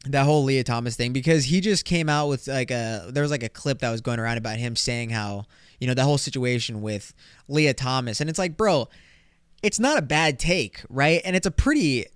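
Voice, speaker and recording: A young man from California hosting a solo podcast, telling stories in a slangy, profane, animated way. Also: medium pitch, a little fast, smooth, dry recording, clean studio sound. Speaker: podcast host. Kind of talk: casual solo podcast monologue.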